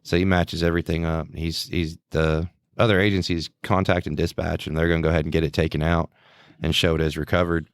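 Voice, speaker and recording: Deep-voiced man telling a story. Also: level tone, quick pace, smooth, dry recording, studio quality. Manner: laid-back storyteller, crude humor, chuckling. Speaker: police officer and podcast co-host. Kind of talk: casual chat.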